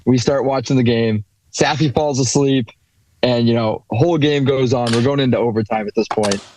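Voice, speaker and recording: A man's voice: mid-range voice, fairly even intonation, normal speed, darkish tone, slight background noise, rough recording. A young man on a podcast, telling a funny story with frequent laughs. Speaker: podcast co-host. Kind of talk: casual storytelling chat.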